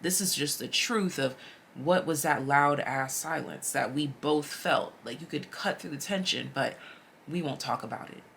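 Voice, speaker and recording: A woman giving a casual, chatty tarot reading straight to her viewers, animated and slangy. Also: low-pitched, moderate pace, creaky, a little hiss or hum. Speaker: tarot reader.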